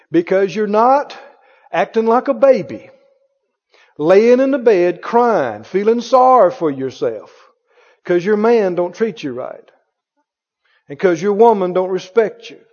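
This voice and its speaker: A man's voice: animated, a little slow, long pauses, darkish tone, big-room sound, highs cut off. A man preaching a sermon with an emphatic, repetitive delivery, firing rhetorical questions at his congregation. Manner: mimics others in a higher voice.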